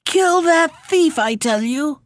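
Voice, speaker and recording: A woman voicing a furious, cruel old witch who shouts threats in a storybook reading. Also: medium pitch, lively intonation, measured pace, no room sound, studio quality, close to an everyday voice. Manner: shouting threats, gnashing menace.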